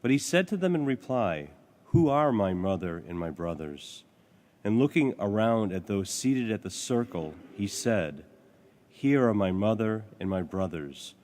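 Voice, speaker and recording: A man proclaiming a gospel reading at Mass in a measured, formal way. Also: lowish voice, darkish tone. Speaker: gospel reader. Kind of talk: liturgical reading. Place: church.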